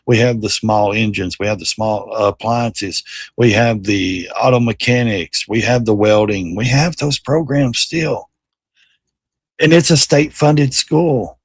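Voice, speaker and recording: A middle-aged man hosting a casual livestream, reacting to videos with loud, blunt, slangy commentary. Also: mid-range voice, no room sound, clean studio sound. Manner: loud, blunt, slangy, mocks and quotes the clips.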